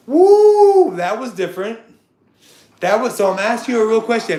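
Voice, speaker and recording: A man in his thirties with a high voice, ranting on a livestream. He is crude and confrontational, talks loudly, and keeps repeating himself. The room around him sounds echoey. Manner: crude, confrontational, trash-talking a chatter; loud and excitable, repeats himself. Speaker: livestream host. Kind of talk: unscripted livestream rant. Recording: roomy echo.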